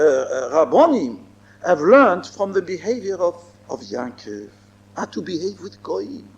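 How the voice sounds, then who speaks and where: A man giving a Torah lecture as a rabbi, emphatic and repeating his phrases. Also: high voice. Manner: emphatic, repeats phrases, mixes in Hebrew and Yiddish terms.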